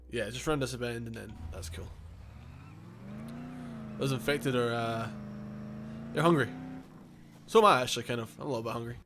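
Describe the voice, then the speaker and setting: A gaming channel host offers casual let's-play commentary on his own gameplay, rambling, correcting himself and chuckling along the way. His voice is mid-range and a bit bright, with slight background noise.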